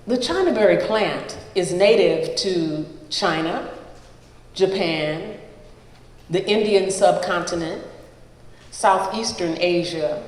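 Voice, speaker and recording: A storyteller reads a personal memoir aloud before a live gathering. The delivery is very slow and measured, each phrase set apart by pauses, at a middle pitch. The voice carries a long, roomy hall reverb.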